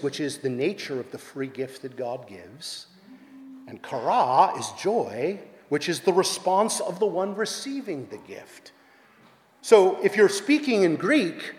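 Guy giving a sermon, kinda high voice, big echoey hall w long reverb. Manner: earnest, swings from loud emphasis to hushed. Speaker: preacher.

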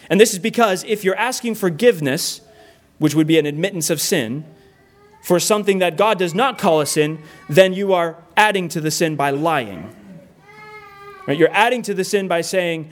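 A man's voice: high-pitched, normal speed. Earnest man preaching a sermon. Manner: earnest, emphatic lists, repeats key phrases. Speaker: pastor. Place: church room with a congregation.

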